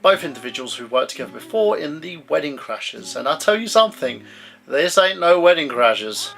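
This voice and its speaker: A man's voice: medium pitch, creaky, fairly bright tone. A young man giving a blunt, chatty, opinionated film review. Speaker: movie reviewer.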